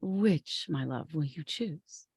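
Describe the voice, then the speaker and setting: A woman voicing a gentle enchanted young woman who speaks softly and low, inside a told story. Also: lively intonation, takes it slowly, gravelly, slightly rough, dry recording, studio quality, heavily acted.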